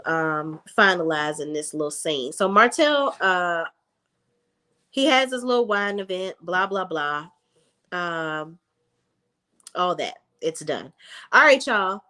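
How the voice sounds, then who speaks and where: A woman's voice: lowish voice, takes it slowly, pauses often. Sassy woman recapping reality TV. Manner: sassy, animated storytelling with slang. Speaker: recap vlogger. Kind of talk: casual reality-TV recap commentary.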